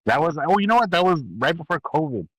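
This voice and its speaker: A man's voice: a little high, sing-song, quick pace, a bit bright, no echo, poor audio. A man in a casual podcast chat, easygoing, laughing often and saying "bro.".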